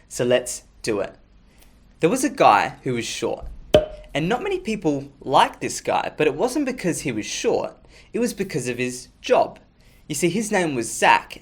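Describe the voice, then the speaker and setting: A man presenting a children's ministry lesson, telling a story with energy and talking to the kids. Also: a little high. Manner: energetic, talks to the audience.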